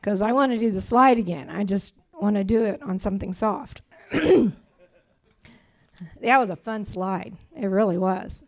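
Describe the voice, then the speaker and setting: A middle-aged woman giving a heartfelt church testimony and spoken prayer, earnest and rambling, growing animated as she gives thanks. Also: a little slow, pauses often. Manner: earnest, rambling, grows animated and rises in pitch when praising.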